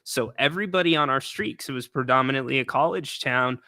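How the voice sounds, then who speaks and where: A man's voice: medium pitch, brisk, sharp tone, no room sound, clean studio sound. A man co-hosting a podcast in casual chat, upbeat with playful asides. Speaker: podcast co-host.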